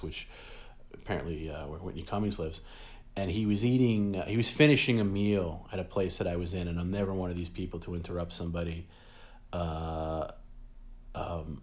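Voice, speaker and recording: A man's voice: low voice, darkish tone. A man in his forties, hosting a show and casually telling a rambling, profane story full of restarts. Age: 40s. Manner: rambling, profane, self-interrupting with many restarts. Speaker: host.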